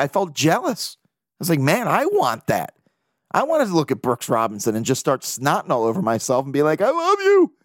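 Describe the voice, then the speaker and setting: A man's voice: mid-range voice, no room sound, studio quality. A man hosting his own podcast, telling rambling, jokey stories in casual chat. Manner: rambling, jokey storytelling with laughs. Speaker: podcast host. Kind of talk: casual solo podcast monologue.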